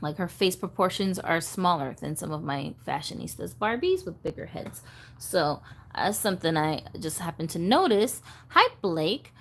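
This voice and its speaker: A woman's voice: lowish voice, sing-song, moderate pace, fairly bright tone. A woman hosting a casual doll-collector livestream, chatting in a rambling, easygoing way and reading viewer comments aloud.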